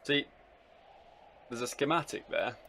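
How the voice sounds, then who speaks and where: Brief: male let's-play host, dry, self-mocking wit, gravelly mid-pitched voice. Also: animated, unhurried, pushed and bright, slight background noise. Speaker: gaming video host.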